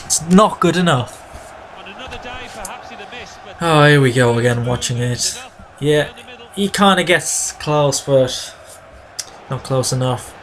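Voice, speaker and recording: A man hosting a gaming video, giving chatty play-by-play of his own match and breaking into excited shouts when goals go in. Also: mid-range voice, takes it slowly, long pauses. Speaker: gaming channel host. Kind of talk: video game commentary.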